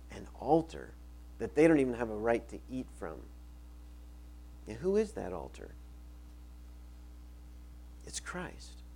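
A man's voice: mid-range voice, creaky, warm tone, husky. A middle-aged male pastor preaching a sermon, reading scripture aloud and repeating key phrases for emphasis.

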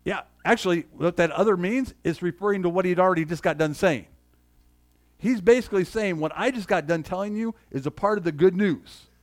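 Pitched high and speaking fairly fast, a middle-aged man preaches as a pastor with lively energy. He quizzes the congregation, drawing responses, and reads passages of scripture aloud with steadily rising emphasis.

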